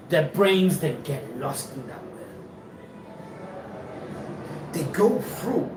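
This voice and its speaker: Male live-streamer, halting and repetitive, slightly high voice, recorded off-mic in a roomy, noisy space. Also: expressive, far from the mic. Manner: halting, repeats himself, laughs often. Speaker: livestream host. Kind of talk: rambling live-stream talk. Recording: echoey room, off-mic, noisy ambience.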